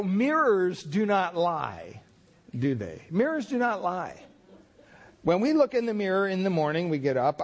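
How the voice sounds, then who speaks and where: A male pastor giving a conversational sermon, telling folksy stories with lots of fillers and restarts. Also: fairly high pitch.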